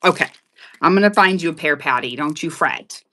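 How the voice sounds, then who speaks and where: Woman doing a live jewelry sale, super excited, kinda loud, pitch bouncing all over. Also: a little fast. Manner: loud, excitable, chatty, laughs often. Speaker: live online jewelry seller. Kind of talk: casual live-sale chat.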